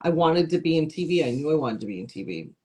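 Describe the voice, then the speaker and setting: A woman's voice: deep voice, fast talker. A woman from upstate New York, a comedian and TV host, chatting as an interview guest and acting out the voices of people in her stories. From Syracuse, New York. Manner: lively storyteller, acts out quoted voices. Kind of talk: casual interview chat.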